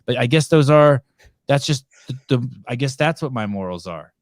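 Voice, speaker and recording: A man's voice: mid-range voice, normal speed, dry recording, studio quality. A man hosting a podcast, telling stories casually and acting out the dialogue, with stammered restarts. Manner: animated storyteller, acts out dialogue, stammers on restarts. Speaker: podcast host. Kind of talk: casual storytelling.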